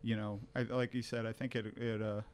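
Blunt, halting male podcast co-host. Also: lowish voice, little pitch movement, clean tone. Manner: halting, many restarts and fillers, blunt opinions. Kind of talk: casual sports chat.

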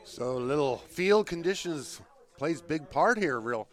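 A man giving color commentary on a football radio broadcast, relaxed and agreeable in his analysis. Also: fairly high pitch, slow pace.

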